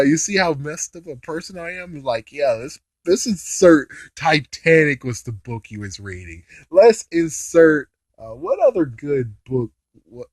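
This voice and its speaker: An excitable young man recaps an anime episode in loose, casual chat, laughing and swearing as he goes. His voice sits a bit high for a man and swings widely in pitch. The recording is dry and close, with no room sound. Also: dry recording. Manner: excitable, laughs often, swears, puts on characters' lines.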